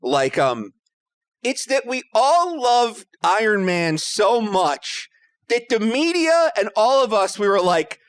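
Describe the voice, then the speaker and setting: A man with a high, bouncy voice that swings all over the place, talking on a podcast in an animated, emphatic way. He swears freely, and the sound is dry and close to the mic. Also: slow pace, clean tone, dry recording. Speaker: podcast panelist. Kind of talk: casual podcast chat.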